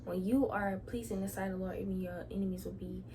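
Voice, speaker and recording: A young woman vlogger telling a story about her faith in a casual, chatty way, often dropping into soft whispered asides. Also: mid-range voice, steady tone, fast, noisy background.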